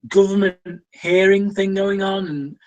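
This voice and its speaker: A man's voice: high voice, steady tone, a little slow, darkish tone, rough recording. A British man hosting a casual film review chat, opinionated and full of ums and restarts. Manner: opinionated, frequent fillers and restarts.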